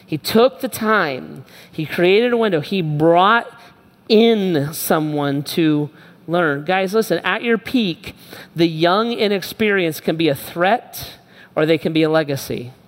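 A man's voice: fairly high pitch, lively intonation, takes it slowly. A middle-aged male pastor preaching a sermon, emphatic and repetitive, speaking straight to his listeners. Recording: long hall reverb.

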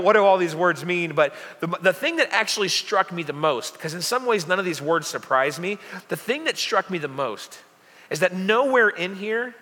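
Speaking with a fairly high, sharp voice, a young man who is a pastor delivers a relaxed, joking sermon full of fillers. He's in a church hall, and long hall reverb colors the recording.

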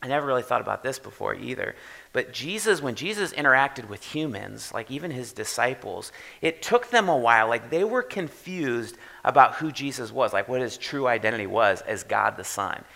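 A man preaching a sermon in a conversational way, often checking in with "right?" and swinging from quiet to loud for emphasis. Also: medium pitch, animated, moderate pace, creaky. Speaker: pastor.

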